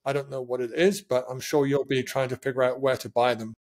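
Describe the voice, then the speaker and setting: A man speaking as a podcast guest and SEO consultant over a remote call, telling stories in a rambling, animated way. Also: medium pitch, fairly quick. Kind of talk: casual podcast chat.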